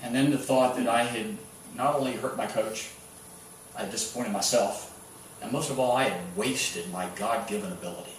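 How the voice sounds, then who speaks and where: A man's voice: medium pitch, normal speed, slight background noise. Male pastor, conversational storytelling sermon, picked up from afar in a reverberant sanctuary. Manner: storytelling with sports anecdotes, many restarts. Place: church sanctuary. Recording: echoey church hall, mic at a distance.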